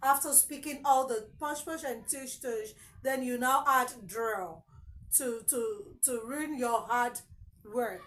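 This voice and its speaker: Slow, high-voiced teacher woman. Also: fairly bright tone, rough recording. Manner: emphatic, repeats words to drill pronunciation. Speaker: English teacher. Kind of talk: spoken English lesson.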